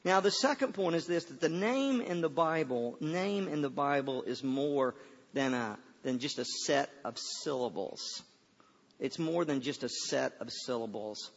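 An older male pastor preaches a folksy sermon, often repeating his opening words before a thought. His voice is a little high and expressive, at a measured pace. The recording sounds dull, with long hall reverb.

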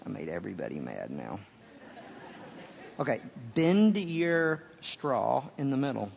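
A pastor preaching a sermon, swinging from loud emphatic peaks to quiet offhand asides and often repeating words. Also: male voice, medium pitch, sing-song, measured pace, creaky, a faint crowd, a little hiss or hum. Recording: dull sound with long hall reverb.

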